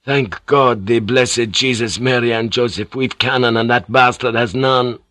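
A man's voice: mid-range voice, measured pace, fairly bright tone, no echo, lightly acted. A man plays a seasoned sea captain thinking through danger in a plain, level voice. The audiobook recording is close and dry. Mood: wry relief. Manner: plain inner musing. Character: male ship's captain, practical and wary. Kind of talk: audiobook character reading.

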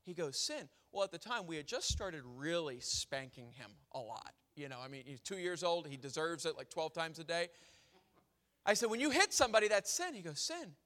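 A man's voice: on the high side, normal speed, fairly bright tone, long reverb tail. A young man preaching a sermon, mixing funny family stories with scripture reading. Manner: storytelling with humor, then reading scripture.

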